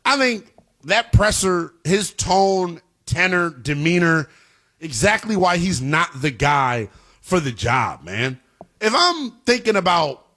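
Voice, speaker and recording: A man's voice: fairly high pitch, fairly bright tone. Fired-up man hosting sports radio. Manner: emphatic, fired up, talks straight to listeners. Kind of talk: animated sports radio commentary.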